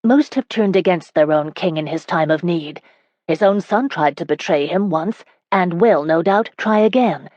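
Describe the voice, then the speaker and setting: A woman reads an audiobook at a moderate pace, voicing a spirited young woman full of indignation with sharp, emphatic delivery that rises higher and louder than the narration. The recording is dry with highs cut off, and her voice stays close to an everyday one.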